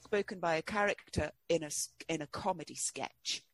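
A man being interviewed as a guest, talking in a halting way with many fillers and restarts. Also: on the high side, fairly bright tone. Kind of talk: interview conversation.

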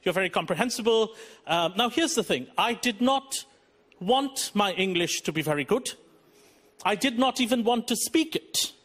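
A man's voice: high voice, lively intonation, unhurried. A male stand-up comedian from India with an Indian accent, talking wryly and conversationally on stage. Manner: wry and conversational. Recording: loud background noise.

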